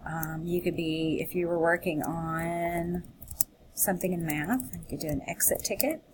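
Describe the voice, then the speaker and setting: A woman's voice: fairly low pitch, moderate pace, background noise. A woman teacher narrating a screencast tutorial in a chatty, upbeat way, thinking aloud as she clicks through steps.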